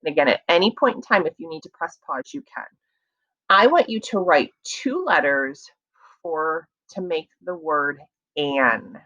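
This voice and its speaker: A woman teacher giving a slow, patient early reading lesson to young children, repeating words and stretching out sounds to encourage them. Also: sits low, lively intonation, fairly bright tone, muffled recording.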